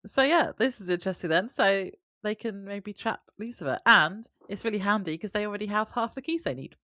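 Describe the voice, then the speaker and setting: A woman's voice: medium pitch, expressive, fairly quick, bright, forceful tone, no echo, studio quality. A woman co-hosting a podcast, talking casually with frequent laughter and hesitant restarts. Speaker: podcast co-host. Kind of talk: casual recap chat.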